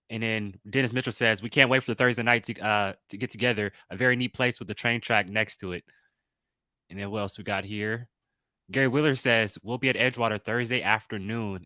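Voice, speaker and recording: A man's voice: lowish voice, pushed and bright, dry recording. A man hosting a podcast, upbeat and chatty as he reads out listener comments. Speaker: podcast host. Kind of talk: casual podcast chat.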